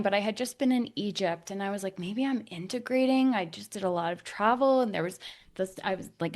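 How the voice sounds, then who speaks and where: A woman hosting a podcast, telling a personal story in a rambling way, full of restarts and fillers, dropping her voice low at the darker moments. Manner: rambling, many restarts and "like", drops to a hush at dark moments. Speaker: podcast host.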